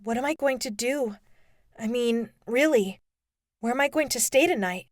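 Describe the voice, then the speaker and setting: A woman's voice: on the high side, animated, moderate pace, dry recording, pitched above the performer's own voice, close to an everyday voice. A woman voicing an upset, vulnerable teenage girl in an audiobook, speaking earnestly and close to tears. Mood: distressed. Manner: tearful, earnest pleading. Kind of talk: audiobook character voice.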